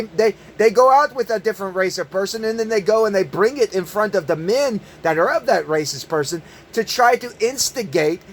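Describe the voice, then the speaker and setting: A man with a fairly high voice rants in a fierce, profanity-laced monologue, hammering his points and stumbling over repeated words. Faint background noise sits under his voice. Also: fairly bright tone. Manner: angry, profane, emphatic. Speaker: online commentator. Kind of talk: ranting monologue.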